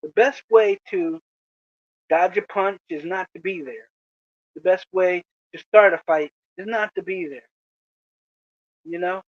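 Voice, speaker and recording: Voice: mid-range voice, a little slow, long pauses, no room sound, lo-fi sound. A video creator giving a preachy, lecturing monologue to the camera, often asking "you know?". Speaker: video creator addressing rival channels.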